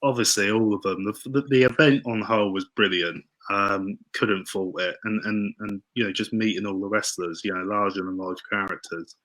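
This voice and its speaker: A man telling stories as a podcast guest, excitable and tripping over his words. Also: lowish voice, moderate pace, hardly any pauses, poor audio. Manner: excitable, tumbling restarts. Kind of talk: casual storytelling interview.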